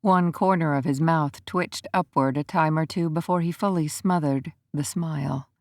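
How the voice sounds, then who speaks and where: A woman narrating a romance audiobook in an even, measured storytelling manner. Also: low voice, dry recording.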